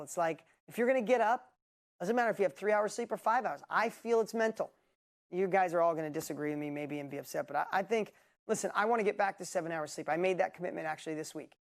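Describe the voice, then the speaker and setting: A man coaching a live group, answering questions in a blunt, emphatic, motivational way. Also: high voice. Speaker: business coach and host.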